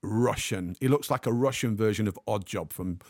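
A podcast guest tells a funny anecdote, animatedly acting out the other people in the story. His gravelly, fairly low voice sits in an ordinary male range with fry at phrase ends, and he speaks at normal speed. The recording is close and dry with no room sound.

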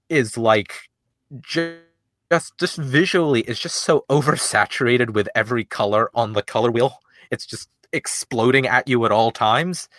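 Lower-voiced man musing analytically. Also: a bit bright, no room sound, studio quality. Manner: rambling, analytical, many fillers. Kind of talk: casual film review chat.

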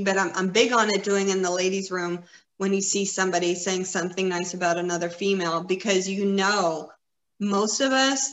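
A woman's voice: mid-range voice, a bit bright. A woman in her fifties talking in an earnest, encouraging way, rambling a little with fillers in casual conversation. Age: 50s. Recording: roomy echo.

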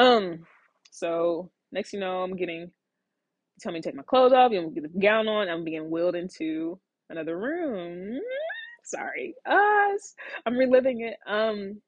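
A woman in her thirties, a podcast host, telling a personal story in a rambling, animated way with lots of fillers and restarts. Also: lowish voice, husky, dry recording, muffled recording. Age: 30s. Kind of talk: casual storytelling monologue.

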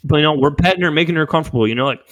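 A man's voice: on the high side, very fast, a bit bright. A young man hosting a podcast, telling an emotional story in a rambling casual way with frequent swearing. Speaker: podcast host. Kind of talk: casual chat.

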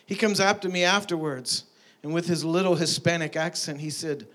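A preacher with a slightly high voice tells a story from the pulpit. His delivery is animated, and it rises to emphatic peaks as he makes each point. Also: moderate pace. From Tulsa, Oklahoma. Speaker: pastor. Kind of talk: sermon with storytelling.

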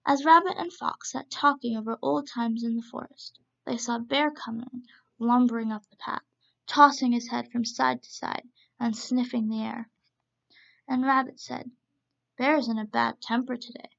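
A woman narrates a children's story in a steady, measured way. Her voice sits fairly high but carries a heavy gravelly crackle. The recording sounds muffled and lo-fi. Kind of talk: reading a children's story aloud.

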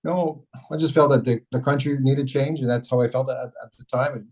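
A man's voice: medium pitch, steady tone, fairly quick, a little mellow, poor audio. A middle-aged man from Canada being interviewed as a mayor, telling long rambling stories full of restarts and self-corrections. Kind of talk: casual storytelling interview.

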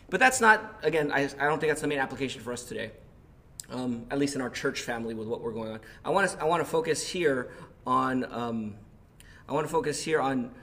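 A young adult male pastor preaching a conversational sermon, with lots of fillers and lively retelling. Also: mid-range voice. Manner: conversational, animated when retelling, many fillers. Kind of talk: sermon with personal story.

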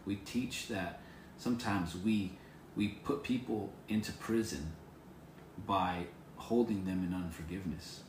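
A man's voice: low voice, measured pace, roomy sound, slight background noise. A man preaching an informal devotional sermon to viewers on camera, earnest and encouraging, repeating his phrases. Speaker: pastor.

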